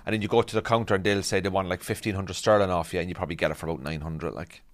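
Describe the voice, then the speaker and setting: A man, a podcast guest, telling stories in animated casual chat. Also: low-pitched, rapid-fire. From Ireland. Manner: animated storytelling.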